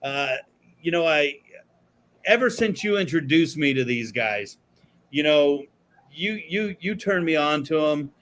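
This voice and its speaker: A man's voice: a little high, animated, a little slow, long pauses, a bit bright. A man co-hosting a casual talk show, telling profane, laid-back stories from a studio. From Florida. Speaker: podcast co-host. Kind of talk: casual chat.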